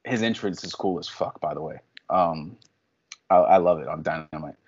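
A man's voice: low voice, normal speed, husky, muffled recording. A man co-hosting a casual podcast, ranting with plenty of swearing and sudden bursts of exasperation. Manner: profane, ranting, animated. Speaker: podcast co-host. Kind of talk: casual wrestling podcast chat.

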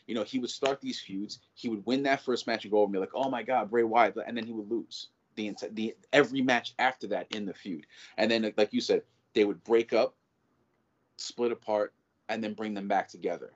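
A man talking in a casual chat as a show's co-host, animated and profane, rambling with lots of restarts. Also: lowish voice, brisk. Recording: dull lo-fi audio.

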